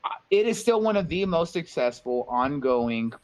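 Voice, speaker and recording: A man on a casual gaming podcast giving his take in a measured, hesitant way with plenty of ums. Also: fairly high pitch, big pitch swings, rough recording.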